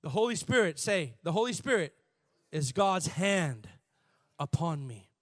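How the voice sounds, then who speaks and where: A man preaching a sermon in an animated, conversational way, shifting from soft asides to shouts. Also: on the high side, measured pace, no echo, studio quality. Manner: conversational, laughs and repeats words. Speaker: pastor.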